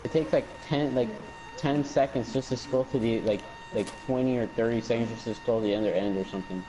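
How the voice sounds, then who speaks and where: A man's voice: medium pitch, brisk, crowd noise, rough recording. A man chatting casually in a game review, rambling and joking, often repeating his words. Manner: rambling, jokey, repeats words, mock drawl. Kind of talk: casual chat.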